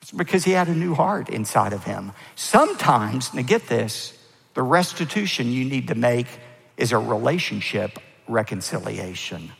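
A man preaching a sermon as pastor, stressing key words with rising pitch and letting phrase ends fall low. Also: expressive, normal speed, vocal fry, a bit bright. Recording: long hall reverb.

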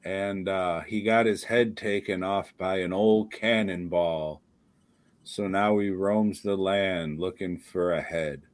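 A man with a lowish voice rambles through a horror podcast chat, laughing and swearing as he goes. He speaks slowly and takes his time. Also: steady tone. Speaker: podcast co-host. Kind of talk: casual chat.

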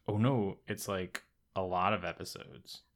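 A man co-hosting a podcast in casual chat, laid-back and deadpan. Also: deep voice, a little slow. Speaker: podcast co-host.

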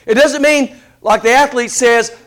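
A man preaching a sermon, asking rhetorical questions in an animated delivery. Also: extremely high pitch, unhurried.

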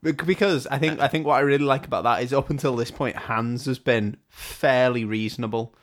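A man's voice: mid-range voice, steady tone, brisk. A young man co-hosting a podcast, tossing in short reactions and crude wisecracks during a casual film chat. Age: young adult. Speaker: podcast co-host.

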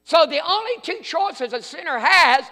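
A middle-aged man preaching a fervent sermon in a church, swinging between loud cries and hushed tones. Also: very high voice, expressive, normal speed, long reverb tail. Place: church sanctuary.

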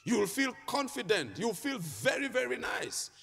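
Soft background music plays as this pastor, speaking into a handheld mic in a reverberant church hall, reads scripture and slides into sing-song emphasis during his sermon. He has an extremely high, gravelly, fairly bright voice, expressive and at normal speed.

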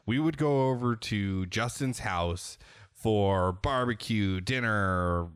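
Low-voiced casual podcast guy. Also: takes it slowly, smooth, no room sound, clean studio sound. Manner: animated storyteller, swears freely. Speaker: podcast co-host. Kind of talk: casual chat.

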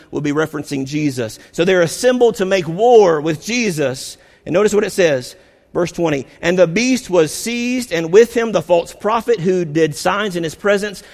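A man preaching with a fairly high voice, leaning hard on key words and stretching them out slowly. His voice rings with a long reverb, like a large sanctuary. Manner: emphatic preaching with repetitions and dramatic slowdowns. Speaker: pastor. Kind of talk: sermon.

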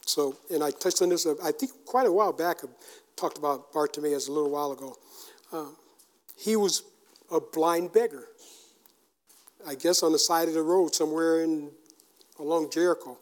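A man preaching a sermon in a casual, conversational way, acting out quotes and breaking into shouts. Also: a little high, normal speed, long pauses. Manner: animated, shouts out acted quotes; casual, conversational with fillers and restarts. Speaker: pastor.

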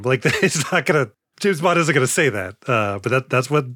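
A man's voice: mid-range voice, expressive, normal speed, few pauses, fairly bright tone, dry recording, studio quality. A man co-hosting a casual movie podcast, joking and acting out lines in silly voices. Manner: jokey, acts out movie lines in goofy voices. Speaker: podcast co-host.

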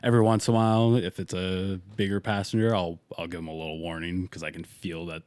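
A young man who works as a tandem skydiving instructor, chatting casually in a relaxed, halting way and laughing easily. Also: low-pitched, dry recording. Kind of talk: casual podcast chat.

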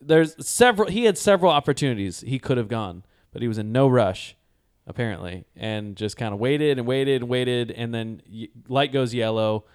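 A man's voice: medium pitch, animated, moderate pace, hardly any pauses, smooth. A man in a casual chat, telling a detailed, rambling story. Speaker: podcast co-host.

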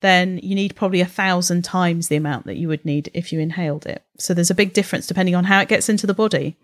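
A woman with a slightly low voice co-hosts a science podcast, explaining ideas in a friendly, chatty way. She often checks in with "isn't it?". The recording is dry and close. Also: fast talker, dry recording. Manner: friendly, explanatory, asks tag questions. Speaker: podcast co-host, science communicator. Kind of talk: casual podcast chat.

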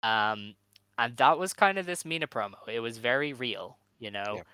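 Bright, smooth-voiced man chatting on a podcast. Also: mid-range voice, normal speed, no room sound, rough recording. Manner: thoughtful, earnest, frequent ums. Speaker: wrestling podcast panelist. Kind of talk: casual podcast chat.

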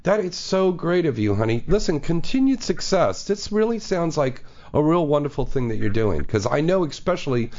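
A man hosts a late-night call-in radio show, full of playful teasing. His pitch leaps around as he greets callers. The sound is a little dull, like an aired studio feed. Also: very animated, normal speed, hardly any pauses, darkish tone. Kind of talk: live call-in radio banter.

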